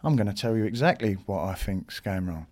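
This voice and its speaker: A middle-aged man, a podcast guest, telling an animated anecdote in a casual way, swearing and acting out what others said. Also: lowish voice, a little fast.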